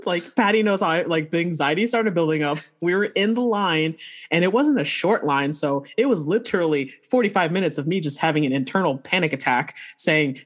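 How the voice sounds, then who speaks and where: A woman telling a funny story in casual chat, animated and laughing often as she quotes herself. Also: low-pitched, brisk.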